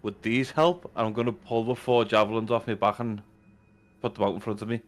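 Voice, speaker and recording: A man with a lowish voice plays a tabletop game, stating his character's moves plainly. He speaks casually and directly. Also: flat delivery, fast. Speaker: player.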